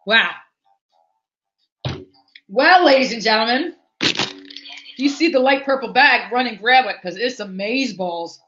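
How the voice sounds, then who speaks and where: A woman reviewing candy on a livestream, animated and exaggerated as she talks straight to her viewers. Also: on the high side, unhurried, long pauses, slight background noise. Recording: dull lo-fi livestream audio.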